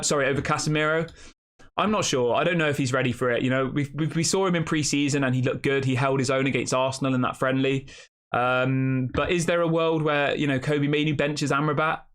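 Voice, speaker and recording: A man's voice: fairly high pitch, steady tone, brisk, fairly bright tone. Chatty man thinking aloud. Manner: thinks aloud, corrects himself often, asks rhetorical questions. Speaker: fan channel host. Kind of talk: casual opinion commentary.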